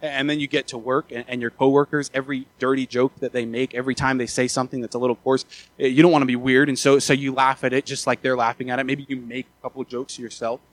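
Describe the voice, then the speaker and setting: A man preaching a sermon, often repeating and restarting his words, who rises from quiet talk to loud, urgent appeals. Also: medium pitch, flat delivery, fast talker. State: out of breath after the peak.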